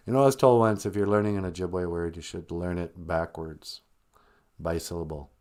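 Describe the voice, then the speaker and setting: A man's voice: low-pitched, normal speed, pauses often. Joking man hosting a live podcast. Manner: joking, laughs often, animated. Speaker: podcast host. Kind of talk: casual livestream chat.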